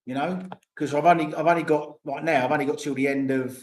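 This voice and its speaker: A man's voice: a little high, fairly even intonation, quick pace, slight background noise. An older man, chatting casually and rambling to viewers on a livestream, swearing freely. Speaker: vlogger. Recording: roomy echo.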